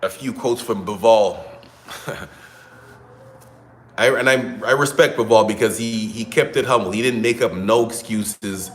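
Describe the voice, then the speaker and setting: Low-voiced man giving casual boxing talk. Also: measured pace, pauses often. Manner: conversational, opinionated, thinks aloud. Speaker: boxing commentator, show host. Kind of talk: casual solo commentary.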